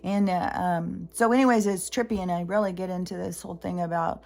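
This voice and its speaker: A woman's voice: lowish voice, steady tone, fairly quick, gravelly, darkish tone. A middle-aged woman talking in a casual, rambling vlog monologue, jumping between tangents with lots of fillers. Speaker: spiritual vlogger.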